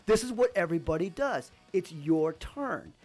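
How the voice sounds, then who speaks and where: A man voicing a brash, friendly young male soldier, loud and eager. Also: high voice, animated, moderate pace, soft background music.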